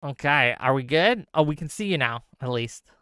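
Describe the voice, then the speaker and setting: A man's voice: a little high, lively intonation, normal speed, sharp tone, clear, resonant tone, no room sound, studio quality. A man hosting a live call-in show, heated and argumentative, ranting at length.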